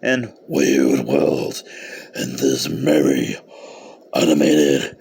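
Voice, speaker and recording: A man putting on a deep, ominous movie-trailer announcer voice and drawing the words out slowly. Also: creaky, a little mellow, breathy edge, full character voice. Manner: slow, drawn-out and menacing.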